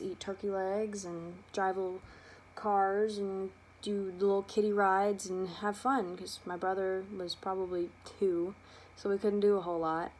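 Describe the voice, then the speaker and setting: A young adult woman telling a personal childhood story, lively and animated, acting out the quotes. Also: medium pitch, slight background noise. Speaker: student storyteller.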